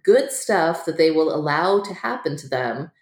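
A woman author talking as a guest in a relaxed interview, chatty and quick to laugh, full of fillers. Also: low voice. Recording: echoey room.

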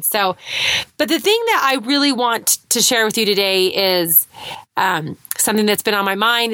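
A woman's voice: mid-range voice, a bit bright, no echo. Middle-aged woman, podcast host, life coach, earnest, reflective, dry recording. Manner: earnest, reflective, with frequent restarts and "right?" asides. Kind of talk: casual solo podcast monologue.

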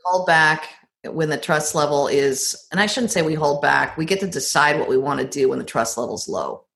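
A middle-aged woman with a low-set speaking voice talks through relationship advice in a relaxed conversational way. She tells stories with animation, and her voice leaps up whenever she acts out a quoted line. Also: normal speed, creaky. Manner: animated storyteller, acts out quotes with big pitch jumps.

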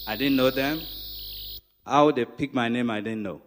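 A middle-aged male pastor preaching a sermon, calling on the congregation to repeat after him and rising to shouts. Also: medium pitch, moderate pace, slight background noise. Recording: echoey hall.

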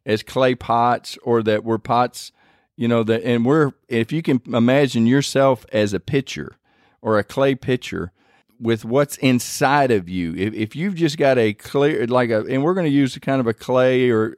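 A man's voice: mid-range voice, a little slow, no echo, studio quality. A man hosting a faith podcast, telling his testimony in an earnest, rambling way with many restarts. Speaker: podcast host.

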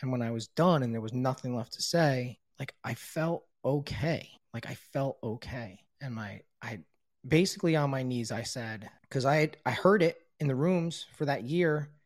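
A middle-aged man tells his own recovery story candidly, swearing freely and acting out the people he quotes, then turning quiet and subdued in emotional moments. His voice is medium-pitched at a moderate pace, in a dry recording.

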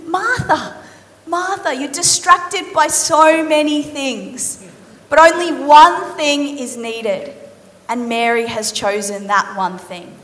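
A woman preacher voicing a calm, gentle male teacher who speaks softly and slowly. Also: sits high. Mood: tender. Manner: soft, slow, gentle. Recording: reverberant hall.

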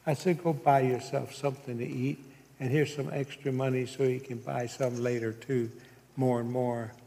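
A man's voice: mid-range voice, flat delivery, normal speed, gravelly, dark tone, big-room sound. A man preaching a sermon, telling a story and checking in with his congregation as he goes. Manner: preaching with call-outs to the congregation. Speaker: pastor.

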